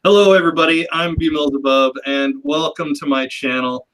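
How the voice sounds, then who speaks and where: A man's voice: fairly high pitch, steady tone, normal speed, a bit bright, low-quality recording. A man hosting a livestream panel in casual chat, talking loosely and rambling with a self-deprecating humor. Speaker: livestream host.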